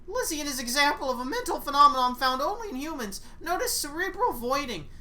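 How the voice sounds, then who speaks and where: A woman voicing a chipper female guide in a game who explains eerie lore in a brisk, matter-of-fact way. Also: sits high, very animated, pushed and bright, voice pushed up, heavily acted. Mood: explaining.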